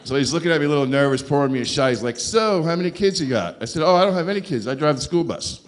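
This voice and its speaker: A man's voice: fairly high pitch, very fast. Sarcastic New stand-up man. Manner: sarcastic, deadpan asides with crowd work. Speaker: stand-up comedian. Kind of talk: stand-up comedy set. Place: comedy club stage.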